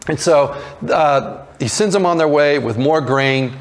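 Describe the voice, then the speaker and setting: A man preaching a sermon, retelling a story in a conversational way and slipping into lively voices for the characters. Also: fairly high pitch, unhurried. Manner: conversational with frequent restarts and fillers. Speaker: pastor.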